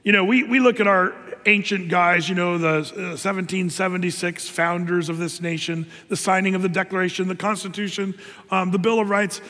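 High-voiced preacher in a reverberant hall. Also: male voice, steady tone, brisk, bright, forceful tone. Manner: conversational, with fillers and restarts. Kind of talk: sermon.

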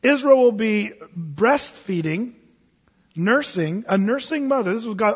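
Husky high-voiced preacher in a hall. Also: male voice, animated, measured pace, lo-fi sound. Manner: conversational, folksy preaching with chuckles. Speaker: pastor. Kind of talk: sermon.

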